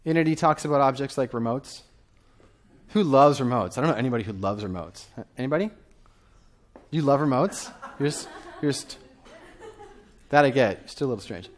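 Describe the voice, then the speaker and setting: A man in his thirties giving a lively conference talk from a stage, often asking the audience questions. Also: mid-range voice, moderate pace, pauses often. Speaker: conference speaker.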